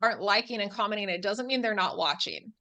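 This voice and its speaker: A woman's voice: mid-range voice, fast talker, sharp tone. A woman co-hosting, chatting in a friendly way about her own experience and asking the guest questions. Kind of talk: casual chat.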